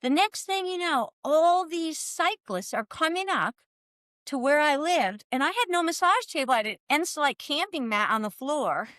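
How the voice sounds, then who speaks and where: A woman in her sixties telling lively stories in a casual podcast interview, acting out the voices of people she quotes. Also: high-pitched, moderate pace, no room sound, clean studio sound. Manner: animated storyteller, acts out quoted voices, laughs often. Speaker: guest, former team soigneur.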